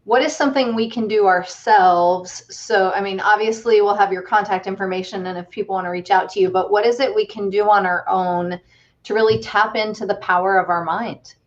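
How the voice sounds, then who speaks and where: A chatty woman hosts a casual livestream, upbeat and thinking aloud as she goes. Her voice sits at a middling pitch. The audio comes through a slightly dull, lo-fi video call. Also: fairly even intonation, brisk. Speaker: host.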